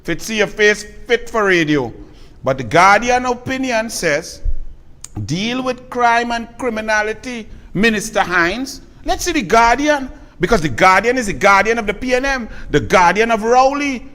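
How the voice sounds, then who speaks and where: A man's voice: high voice, expressive, normal speed, sharp tone, big-room sound. A man with a Trinidadian accent hosting a political commentary show, scathing and mocking in an emphatic rant.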